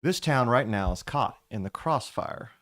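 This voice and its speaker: Man running a tabletop game, lively pitch, dry close sound, casual storytelling. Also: unhurried, no room sound. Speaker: game master.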